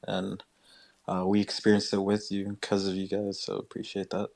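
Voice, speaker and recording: Chatty guy, lowish, narrow range, upbeat casual talk. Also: monotone, moderate pace, vocal fry, a little mellow. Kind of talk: casual chat.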